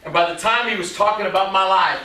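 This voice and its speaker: Man in his 60s, motivational speaker, lively storyteller who quizzes the crowd; bright tone, recorded from afar in a large hall. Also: sits high, fast talker. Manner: animated, quizzes audience with rhetorical questions, jokey. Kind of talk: stage keynote storytelling. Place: large hall with live audience. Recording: echoey hall, mic at a distance, faint noise.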